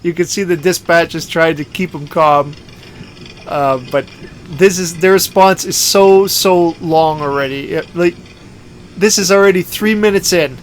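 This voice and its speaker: A man's voice: on the high side, fairly even intonation, measured pace, a little hiss or hum. A man giving indignant opinion commentary over a video he is playing, emphatic and prone to repeating words. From Canada.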